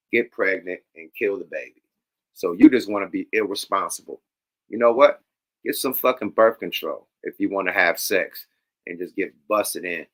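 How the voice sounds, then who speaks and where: A man's voice: on the low side, sharp tone. A man hosting a casual reaction stream, talking bluntly and profanely and laughing often. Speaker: host reacting to clips.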